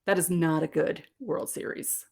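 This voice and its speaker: Low-voiced woman podcast host telling stories. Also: moderate pace, creaky, slightly rough. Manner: animated, candid storytelling with laughs. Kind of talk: casual solo podcast talk.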